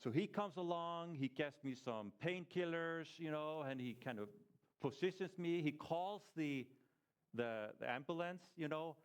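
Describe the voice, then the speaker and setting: A man's voice: on the high side, unhurried, clean tone. A man giving an informal teaching talk to a small church group, conversational, asking the group questions as he goes and often restarting his sentences.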